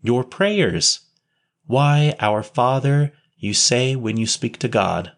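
A man's voice: medium pitch, animated, slow pace, pitched above the performer's own voice. A man voicing a kindly nun who questions a street boy tenderly, reading a story aloud. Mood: tender, pleading. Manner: tender, pitying, coaxing. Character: kindly gentle nun, adult woman.

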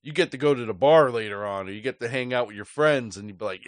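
A man in a sports fan talk show, swearing constantly and ranting in loose, rambling bursts. His voice sits in an ordinary middle pitch, recorded close and dry with no room sound. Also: fast talker, few pauses, no room sound. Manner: angry, profane, rambling. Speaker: sports podcast host.

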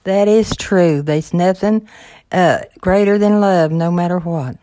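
An older woman with a low voice speaks gently, agreeing warmly as she looks back. Her voice sounds close and dry. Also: measured pace, dry recording. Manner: gentle, agreeable, warm recollection. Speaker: mother of the host. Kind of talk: casual conversation.

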